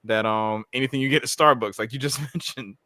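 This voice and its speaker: Laughing casual man, bright, dry. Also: a little fast, no room sound. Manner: laughs often, animated pitch jumps. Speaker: podcast co-host. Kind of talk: casual chat.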